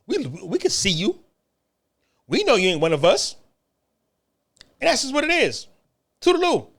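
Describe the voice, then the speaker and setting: A man's voice: high-pitched, wildly swooping pitch, moderate pace, creaky, fairly bright tone. An American man delivering a profane, taunting monologue rant to the camera, laughing mockingly and stammering through repeated restarts. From United States. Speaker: online commentator.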